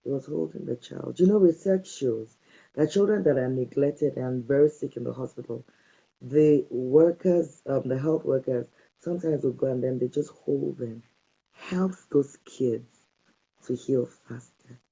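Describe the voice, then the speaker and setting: A woman's voice: a bass voice, measured pace, creaky, dark tone, slightly rough, highs cut off. A woman gives a parenting talk straight to her listeners, emphatic and repeating her advice as short commands. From Nigeria. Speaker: parenting speaker. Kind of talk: direct-to-camera parenting talk.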